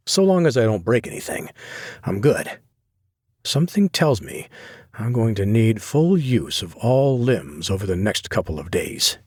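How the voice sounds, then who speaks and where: A man narrating a first-person romance audiobook in a low-key, wry inner-monologue manner. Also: breathy edge, dry recording, clean studio sound.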